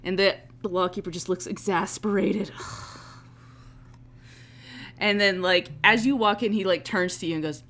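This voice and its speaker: A woman's voice: medium pitch, fairly even intonation, fairly quick, few pauses, fairly bright tone. A woman narrating as game master of a tabletop game, laughing often as she talks.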